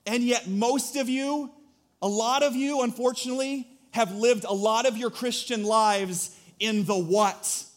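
Lively high-voiced man preaching a sermon. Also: unhurried. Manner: animated, joking storyteller acting out scenes. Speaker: pastor.

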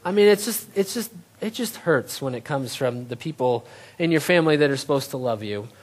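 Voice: medium pitch, animated, brisk, darkish tone. A preacher giving a sermon, retelling a scripture story in plain everyday terms and asking the audience rhetorical questions.

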